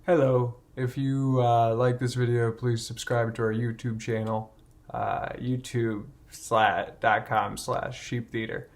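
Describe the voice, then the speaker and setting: Man, slow-talking, halting, plain voice. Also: mid-range voice, little pitch movement. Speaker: filmmaker.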